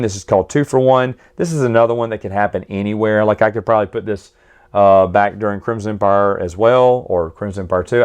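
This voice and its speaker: A man's voice: fairly low pitch, a little mellow. A man casually reviewing comics and stories in a chatty, opinionated way, often correcting himself mid-sentence.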